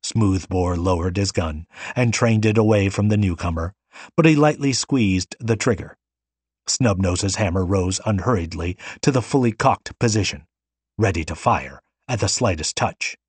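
A man narrates an audiobook in a steady, measured reading. His voice is low and husky, recorded close in a dry room. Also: no room sound.

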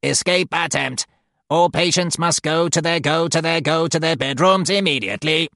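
A man's voice: on the high side, normal speed, creaky, pushed and bright, dry recording, studio quality, voice pushed up. A man voicing a blaring mechanical alarm that stutters and repeats itself.

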